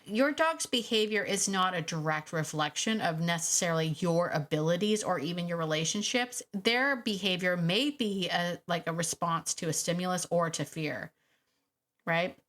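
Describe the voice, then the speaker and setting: A woman's voice: lowish voice, normal speed, a bit bright. A woman hosting an advice podcast, talking casually and often tagging her points with "right?". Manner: chatty, frequent "right?" tag questions. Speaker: podcast host, dog trainer.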